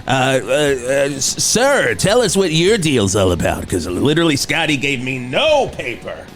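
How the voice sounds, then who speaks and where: A man playing a goofy, lively rock radio DJ. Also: medium pitch, normal speed, music in the background. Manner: rambling, over-the-top radio patter. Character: cheesy male morning rock radio DJ. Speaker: host. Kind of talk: improvised comedy.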